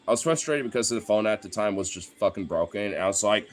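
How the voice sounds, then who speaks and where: A man's voice: lowish voice, fast talker, few pauses, a crowd in the background. A man talking in a casual, rambling monologue, swearing often and getting heated, with lots of "you know" fillers. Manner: profane, heated ranting with frequent fillers.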